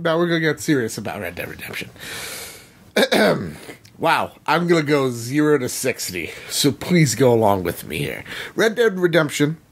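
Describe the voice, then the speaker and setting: Casting: man, husky, slightly high voice, earnest, casual gaming-podcast chat. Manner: earnest, swears freely, many "like"s. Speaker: podcast co-host.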